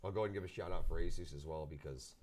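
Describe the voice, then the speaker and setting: Low-voiced man streaming with a cold. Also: racing. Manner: excitable, jokey, reacts out loud to the game. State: getting over a cold. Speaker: streamer playing the game live. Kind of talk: live gameplay commentary. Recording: noisy live stream audio.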